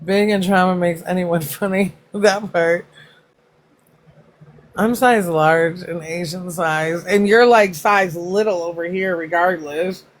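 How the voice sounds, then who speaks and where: A woman's voice: lowish voice, fairly even intonation, slow pace. A woman hosting a casual livestream, chatting and reacting to comments, laughing often and swearing freely. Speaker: livestream host.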